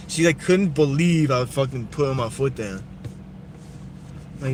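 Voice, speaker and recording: A man's voice: medium pitch, normal speed, long pauses, noisy background. A young man chatting casually on a live stream while driving at night, telling a story loosely and swearing freely. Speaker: livestreamer. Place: inside a car at night.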